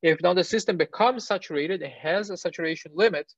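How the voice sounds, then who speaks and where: A university lecturer with a fairly high voice gives a fairly quick technical lecture on engineering, working through ideas with fillers, self-corrections and the occasional "right?". The dry, close recording has a dull, lo-fi classroom quality.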